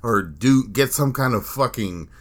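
A man's voice: mid-range voice, expressive, unhurried, a bit bright. A man hosting a casual podcast chat, profane and opinionated, often laughing.

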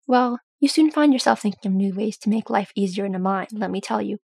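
Loud, blustering old male dwarf for a storybook reading, gravelly edge, voiced by a woman. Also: medium pitch, a little fast, dry recording, studio quality. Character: gruff boisterous old male dwarf warrior.

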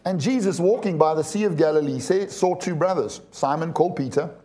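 A man in his forties delivers a sermon in a high voice. He talks emphatically, stumbles over repeated words and keeps asking the congregation questions. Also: a little fast, warm tone. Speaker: preacher.

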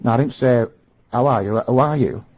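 A man's voice: mid-range voice, brisk. A man with an English accent playing hotel staff in a prank phone call, mock-polite and needling. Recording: lo-fi phone line.

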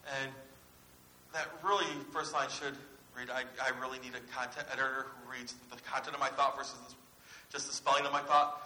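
A man's voice: medium pitch, fairly even intonation, fairly quick, sharp tone. A man preaching a sermon as pastor, earnestly putting questions to his congregation. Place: church. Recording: echoey church room with faint hiss.

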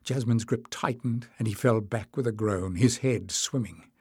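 A man narrating an audiobook in a measured storytelling manner. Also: fairly low pitch, a little mellow, husky, no echo, clean studio sound. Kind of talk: scripted narration.

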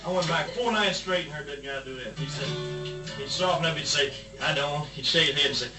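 A man's voice: a little high, a little fast. A man tells a casual anecdote, laughing often and singing snatches of songs as he goes. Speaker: storyteller recalling a singer. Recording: echoey distant archive recording with music.

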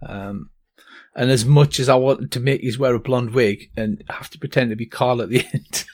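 A man narrating as game master of a tabletop game, halting and full of ums and little laughs. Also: mid-range voice, steady tone, a little mellow.

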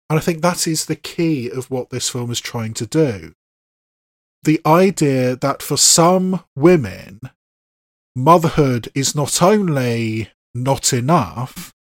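A man talks through a film review without a script, mid-pitched and unhurried, stacking up asides as he thinks aloud. The sound is close and dead dry, with no room around the voice. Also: no echo. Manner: thoughtful, digressive, with filler phrases.

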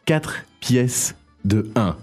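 Mellow man teaching his language. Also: mid-range voice, expressive, very slow, soft background music. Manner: short replies, chuckles. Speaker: co-host, native speaker teacher. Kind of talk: language lesson dialogue.

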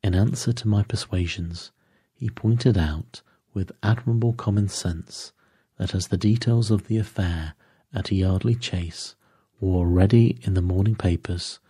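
A man narrating a bedtime sleep story in a calm, measured way. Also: sits low, slightly rough, no echo, studio quality.

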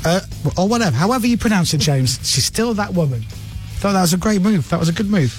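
A man's voice: high-pitched, animated, fast talker, faint music behind. A man hosting a radio talk show, giving his blunt opinions and mocking a politician. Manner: mocking, does voices of politicians. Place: radio studio.

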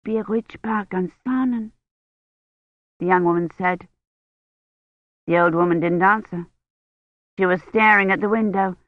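A woman's voice: medium pitch, no room sound. Woman narrating an audiobook, dull lo-fi sound. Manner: measured, even storytelling. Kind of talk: scripted narration. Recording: dull, lo-fi, dry.

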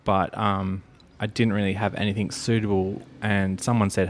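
A man hosting a casual chat, relaxed and rambling as he thinks aloud. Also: on the low side, normal speed, slight background noise.

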